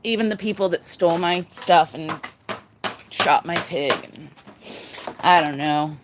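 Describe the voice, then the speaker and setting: A woman whose voice sits on the low side vlogs outdoors in her garden, showing her pet pig on a handheld phone. She chats casually at a measured pace, laughing a lot, with noise in the background.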